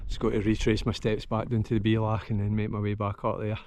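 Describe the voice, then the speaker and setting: A man's voice: on the low side, monotone, fast talker, a little mellow, slight background noise. A middle-aged Scottish man talking casually to camera outdoors on a mountain ridge, tired from a long walk, rambling and heartfelt, with many restarts. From Scotland. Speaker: hillwalking vlogger.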